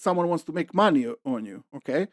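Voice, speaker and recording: A podcast host walks co-hosts through a book, step by step, often checking in with "okay?". The pitch is mid-range and the recording is dry and close. It is relaxed explanatory talk. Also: rapid-fire, no echo. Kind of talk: casual explanatory chat.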